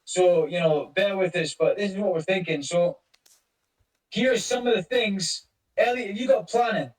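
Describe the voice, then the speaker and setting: A man's voice: high-pitched, normal speed, roomy sound, distant mic, poor audio. A man hosting a casual online voice chat, rambling and swearing as he greets listeners by name. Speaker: crypto project lead hosting a community voice chat.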